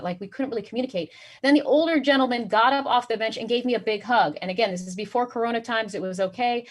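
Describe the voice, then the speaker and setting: A woman delivering a stand-up set with animated storytelling. Her voice sits a little high, and she jumps into quoted voices as she goes. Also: racing. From Chicago area. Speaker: stand-up comedian.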